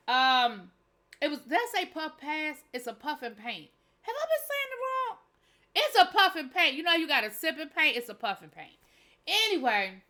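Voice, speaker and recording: A young woman with a bright, forceful voice, chatting candidly through a reality-TV recap. She talks loosely and informally, often restarting her sentences, and sits a little above the usual pitch for a woman. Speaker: TV show reviewer. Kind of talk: casual reality-TV recap commentary.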